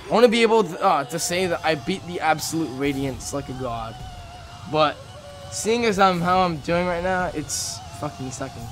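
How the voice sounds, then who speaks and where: Young man, let's play commentary, excitable, foul-mouthed, highish voice, soft background music. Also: normal speed. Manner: excitable, swearing, swings from mutters to outbursts. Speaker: gaming video creator.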